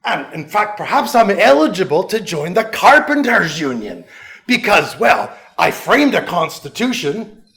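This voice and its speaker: Crafty old Scots politician working a crowd, folksy and joking, done by a man in a broad put-on accent, higher than his own voice. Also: big pitch swings, unhurried, a bit bright, exaggerated voice. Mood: jovial. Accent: Scottish, put on badly. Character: crafty older male politician, jovial.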